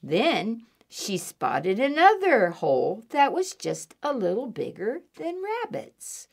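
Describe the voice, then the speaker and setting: Slow, lively woman reading storybook aloud. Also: fairly high pitch, gravelly. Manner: animated, asks kids questions. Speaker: children's librarian. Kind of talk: reading a picture book aloud to children. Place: public library.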